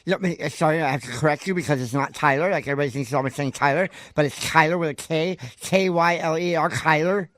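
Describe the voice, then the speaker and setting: A man's voice: fairly high pitch, fast talker, few pauses, fairly bright tone, dry recording, close to an everyday voice. A man voicing a pushy, overexcited boy on a prank call, stammering and insistent. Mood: eager.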